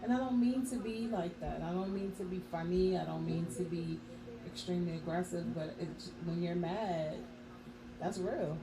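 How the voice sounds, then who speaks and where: A woman's voice: lowish voice, normal speed, echoey room, a crowd in the background, low-quality recording. A woman co-hosting a radio talk show, chatting frankly about raising her kids. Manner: frank, backchanneling with mm-hmms. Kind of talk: casual chat.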